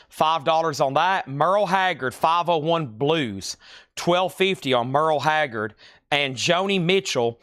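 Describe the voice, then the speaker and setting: A man with a rural American country accent, hosting a live-stream record sale and calling out titles and prices in brisk patter with dry, joking asides. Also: on the high side, fairly bright tone, dry recording. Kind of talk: live auction sales patter.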